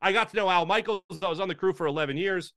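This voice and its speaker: Bright high-ish guy from philly telling a story, acts out the quotes, dry close mic. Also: rapid-fire, no echo. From Philadelphia. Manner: animated storyteller, acts out quotes with big pitch jumps. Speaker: podcast guest, sports broadcaster. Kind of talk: casual storytelling chat.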